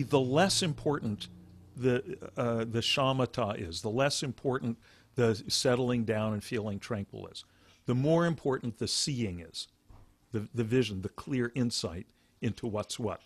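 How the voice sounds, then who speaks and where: Halting man teaching meditation, dry sound. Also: mid-range voice, dry recording. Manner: halting, restarts phrases, explains with plain examples. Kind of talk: dharma talk.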